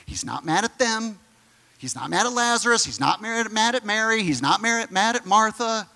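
Male preacher, middle-aged, high-pitched, bright tone, emphatic sermon teaching. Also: animated, moderate pace, vocal fry. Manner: emphatic, conversational, explaining scripture.

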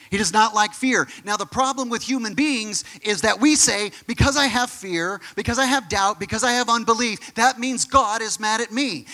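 A man's voice: high voice, bright, forceful tone. A middle-aged man preaching a sermon, explaining scripture in an emphatic, conversational way. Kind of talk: sermon teaching.

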